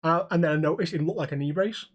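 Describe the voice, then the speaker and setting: A man's voice: on the high side, rapid-fire. A man, co-hosting a podcast and telling a story with swearing and acted-out dialogue. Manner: animated storyteller who swears and acts out dialogue. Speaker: podcast co-host. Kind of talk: casual chat, storytelling.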